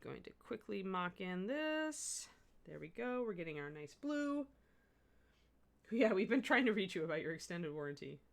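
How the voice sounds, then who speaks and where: A woman's voice: medium pitch, very animated, normal speed, gravelly. A middle-aged woman giving a live miniature painting demo, chatting and laughing with her viewers as she works. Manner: chatty, rambling, laughs often.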